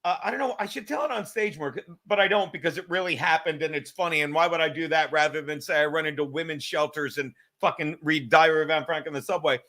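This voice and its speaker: A man with a New York accent hosting a casual chat, telling stories animatedly with plenty of swearing and quick asides. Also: a little high, pushed and bright. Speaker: podcast host and comedian.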